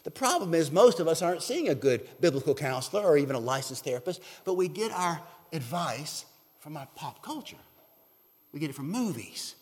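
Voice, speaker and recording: Pastor, male, slightly high voice, chatty sermon delivery that builds on scripture quotes, long reverb of a big hall. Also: big pitch swings, brisk. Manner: conversational preaching, asks the listeners "okay?"; swells loudly on scripture quotes.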